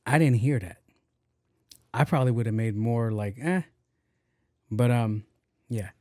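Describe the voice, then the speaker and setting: A man's voice: medium pitch, a little slow, long pauses, no echo, studio quality. Profane storytelling podcast host, man. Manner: animated, profane, acts out dialogue. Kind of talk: casual storytelling monologue.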